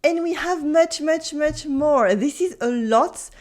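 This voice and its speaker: A woman whose first language is French, teaching a language lesson and repeating example words slowly and clearly. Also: high voice, darkish tone.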